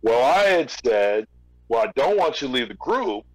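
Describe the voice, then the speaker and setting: A man in an interview, casually telling a long story with relaxed restarts. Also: mid-range voice, moderate pace, no room sound, poor audio. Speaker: interview guest, former record label executive.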